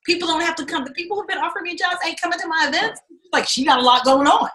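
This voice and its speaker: A middle-aged woman coaching a class, talking candidly and with lots of swearing as she tells lively stories and pitches her course. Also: very fast, poor audio. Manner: candid and profane, animated storytelling. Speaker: acting and fundraising coach. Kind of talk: casual teaching pitch.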